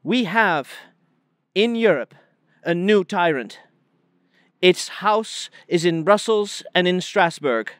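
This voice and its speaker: A man's voice: sits high, animated, slow pace, long pauses, fairly bright tone, no echo. A man from the Netherlands with a Dutch accent, giving an earnest, dramatic political address. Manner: solemn, dramatic, emphatic. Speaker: speaker addressing the British.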